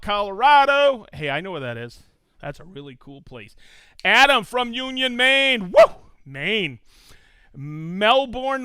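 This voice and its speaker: An excitable man hosts a live stream, whooping as he reads out shout-outs. His voice sits high and swoops around a lot. It is clear and crisp. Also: no room sound. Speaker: host of a live tool demo stream. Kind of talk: casual live-stream chat.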